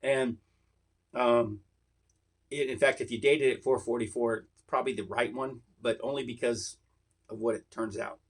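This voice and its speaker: A man's voice: mid-range voice, fairly even intonation, moderate pace. A man hosting a casual Bible lesson, explaining in a rambling, conversational way full of asides. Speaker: Bible teacher, host.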